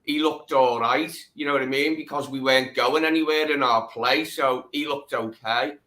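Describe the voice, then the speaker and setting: A man's voice: mid-range voice, fairly even intonation, moderate pace, sharp tone. A man chatting casually about football as a guest, agreeable and given to repeating his points. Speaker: guest co-host.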